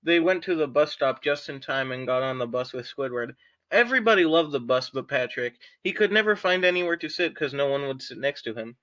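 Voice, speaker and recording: A man's voice: mid-range voice, animated, a little fast, fairly bright tone. Giggly young man reading aloud. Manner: giggly, joking. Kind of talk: casual reading aloud with friends.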